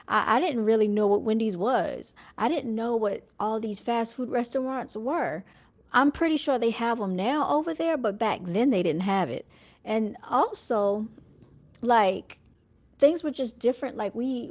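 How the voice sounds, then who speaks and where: A woman's voice: medium pitch, darkish tone, lo-fi sound. A woman vlogger casually telling stories from her childhood, chatty and full of fillers. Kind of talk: casual storytelling.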